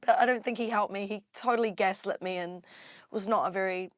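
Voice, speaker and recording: A woman from New Zealand with a New Zealand accent, a drum and bass MC telling her story in an interview, halting, with many restarts and fillers. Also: fairly even intonation, no room sound, clean studio sound. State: tearful at times. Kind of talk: candid interview talk.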